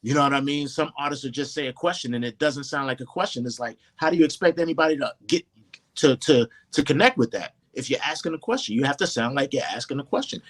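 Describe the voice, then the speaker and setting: A man's voice: mid-range voice, quick pace. A man, a hip hop producer and mixing engineer, talking through his craft in a casual interview, often saying "you know what I mean".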